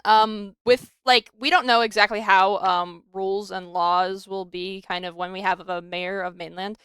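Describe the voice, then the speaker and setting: Woman, audience question, hesitant, apologetic, smooth clear voice, dry close sound. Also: medium pitch, flat delivery, normal speed, hardly any pauses, a bit bright, no echo. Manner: apologetic, hesitant, filler-heavy. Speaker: audience member asking questions. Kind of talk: casual voice-chat question.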